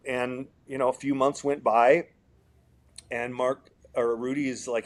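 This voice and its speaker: A man who builds guitars, telling a story in a relaxed, rambling way, with lots of fillers and quoted dialogue as an interview guest. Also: mid-range voice, moderate pace.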